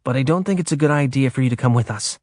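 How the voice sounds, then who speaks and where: A man's voice: mid-range voice, very fast, a little mellow, no room sound, studio quality, lightly acted. A man playing an earnest young man. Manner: earnest, firm. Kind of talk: audiobook reading.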